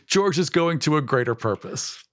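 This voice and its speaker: A man voicing a serene old male treant who calmly accepts a fallen tree, in a mild, light-hearted way. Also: on the high side, normal speed, natural voice.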